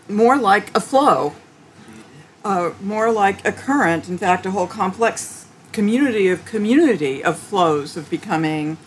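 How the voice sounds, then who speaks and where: A woman theologian answering interview questions in a thoughtful, halting way, with frequent restarts and light laughter. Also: fairly low pitch, slight background noise. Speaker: theologian guest.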